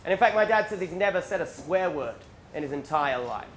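A man with an Australian accent, a stand-up comedian telling animated stories about his upbringing with shouted bursts. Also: on the high side, fairly quick, slight background noise. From rural South Australia. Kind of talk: stand-up storytelling. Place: theatre stage before a live audience. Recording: roomy stage sound with faint ambience.

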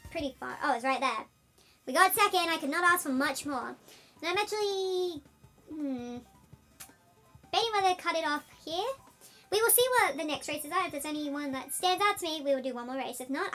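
An Australian woman host giving chatty, excitable let's-play commentary, her voice sped up to a chipmunk pitch. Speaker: gaming channel host.

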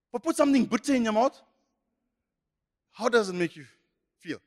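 A man's voice: very high-pitched, animated, normal speed, pauses often, darkish tone. A man preaching a sermon as pastor, emphatic and repetitive. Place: church hall. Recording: echoey church hall.

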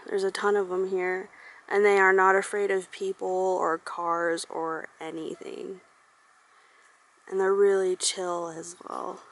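Slow, gravelly-voiced young woman vlogging. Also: medium pitch, little pitch movement, poor audio. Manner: laid-back, chatty, laughs often. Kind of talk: casual vlog chat. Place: house during a holiday visit. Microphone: handheld phone or camera.

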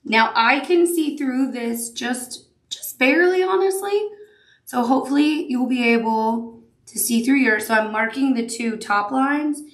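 A woman's voice: a little high, steady tone, unhurried, roomy sound. Chatty woman teaching applique. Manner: chatty, upbeat, cooing over cute details. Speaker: quilting instructor. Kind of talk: sewing tutorial demonstration.

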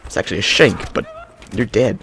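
A young man giving excitable gameplay commentary, yelling in panic and triumph. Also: lowish voice, brisk, gravelly. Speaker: gaming channel host.

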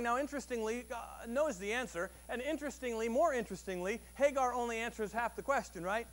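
High-voiced man preaching conversationally. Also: fairly quick, hardly any pauses. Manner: conversational, asks the audience questions; acts out quoted voices with sudden loud bursts. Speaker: pastor. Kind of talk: sermon. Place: church service.

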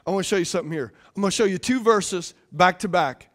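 A man pastor preaching a sermon in a conversational, animated way, often repeating his phrases. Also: high-pitched, fast.

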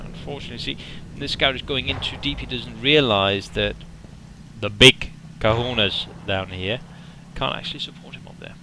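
A man's voice: mid-range voice, steady tone, normal speed, pushed and bright. A man giving casual, wry commentary over his own tank gameplay. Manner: wry, dry humor, self-deprecating. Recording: noisy game audio underneath.

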